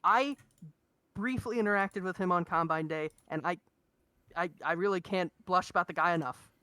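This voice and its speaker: A man's voice: high-pitched, moderate pace, pushed and bright, clear, resonant tone, no echo. A young man co-commentating a live esports draft, enthusiastic and analytical, weighing picks with rhetorical questions.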